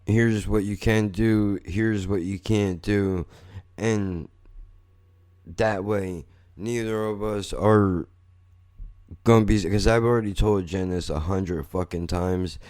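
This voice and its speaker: A man's voice: fairly low pitch, fairly even intonation, slow pace, darkish tone. A man hosting a podcast, telling a rambling story in a blunt, profane way. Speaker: podcast host. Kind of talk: casual storytelling monologue.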